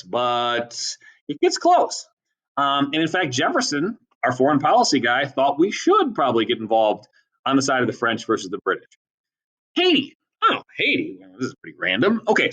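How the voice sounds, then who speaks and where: A man's voice: medium pitch, fairly bright tone, dull audio. A man giving a casual history lecture as a teacher, chatty and acting out quotes in exaggerated voices. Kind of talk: recorded lecture.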